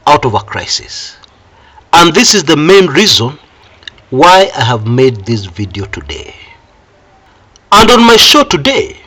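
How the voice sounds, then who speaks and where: An older man with a Kenyan accent talks through the issues on his own channel, his husky voice pitched a little high. He swings widely up and down as he drives his points home, and now and then he lets out a wry laugh. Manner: animated, emphatic, laughs wryly between points. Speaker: political commentator. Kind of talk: solo video commentary.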